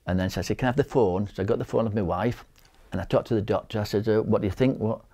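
A middle-aged man with a Yorkshire accent speaks in a low, dark voice. He tells his story haltingly, stumbling over and repeating words, and acts out the conversations he recounts. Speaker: interviewee, bereaved husband. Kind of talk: personal testimony.

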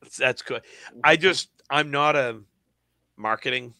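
A man's voice: mid-range voice, unhurried, vocal fry, bright, forceful tone, no room sound, clean studio sound. A man hosting a casual podcast chat, asking loose, rambling questions. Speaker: podcast host.

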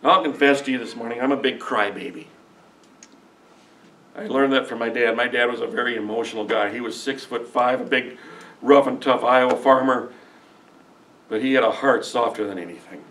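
A man's voice: medium pitch, moderate pace, long pauses, fairly bright tone, recorded from a distance. A middle-aged man preaching a sermon as pastor, earnest, folksy and openly emotional. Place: church sanctuary.

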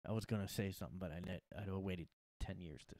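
A man's voice: deep voice, fairly even intonation, fast, darkish tone, dry recording. A young man hosting a comedy podcast from his room, rambling in a sarcastic, profane way. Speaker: podcast host. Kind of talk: casual comedic monologue.

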